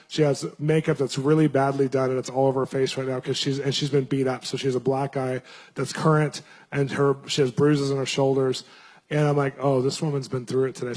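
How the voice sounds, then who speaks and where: A man in his thirties telling a story in a sermon, animated and acting out the voices of people he quotes. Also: on the high side. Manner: animated, acts out voices in quotes, laughs often.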